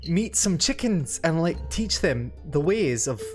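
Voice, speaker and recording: A tabletop game player with a chatty, amused and halting manner. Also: medium pitch, sing-song, soft background music. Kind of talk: casual tabletop play.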